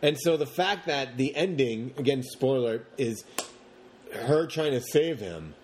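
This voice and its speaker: A man co-hosting a podcast, chatting casually about movies in long, animated rants and mocking the characters as he goes. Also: mid-range voice, measured pace, slight background noise. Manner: rambling, animated rants with mocking put-on quotes. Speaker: podcast co-host.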